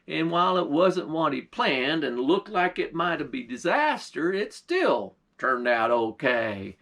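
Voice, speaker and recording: A man's voice: high voice, a bit bright. Man telling a folksy tale. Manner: folksy, unhurried storytelling with dialect words. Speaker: pastor. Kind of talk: folk tale storytelling and short sermon.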